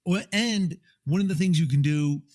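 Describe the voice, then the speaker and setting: A man hosts a relaxed conversation in an upbeat, encouraging way. His voice sits a little high for a man, and he keeps affirming his guest. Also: normal speed. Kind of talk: casual chat.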